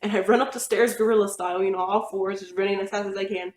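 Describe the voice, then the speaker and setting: A woman's voice: medium pitch, steady tone, quick pace. Chatty young woman in an echoey room. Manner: rambling, chatty, with frequent fillers and laughs. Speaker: vlogger telling personal stories. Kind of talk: casual storytelling.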